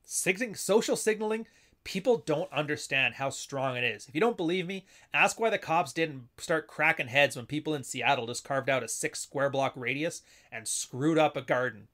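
A man's voice: on the high side, expressive, moderate pace, a bit bright. A man giving casual, unscripted commentary, often acting out little dialogues in shifting voices. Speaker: commentator explaining assertiveness techniques.

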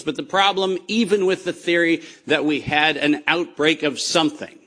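A man giving an impassioned, accusatory speech with slides, speaking emphatically with deliberate pauses. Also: mid-range voice, fairly bright tone.

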